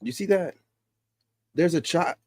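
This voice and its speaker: A man's voice: a little high, unhurried, darkish tone, slightly rough. A man giving brash, mocking casual commentary over a podcast clip, repeating himself as he reacts. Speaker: reaction streamer.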